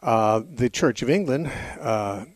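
A man's voice: mid-range voice, animated, no echo. Man explaining scripture on call-in radio. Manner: measured, explanatory, restarts to correct himself. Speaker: radio call-in host and Bible teacher. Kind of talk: call-in radio Bible teaching.

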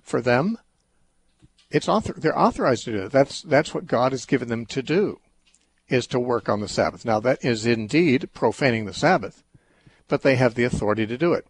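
Husky-voiced male radio Bible show host. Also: medium pitch, moderate pace, no room sound. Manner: calm, reasoning, explains with everyday examples. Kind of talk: call-in Bible teaching talk.

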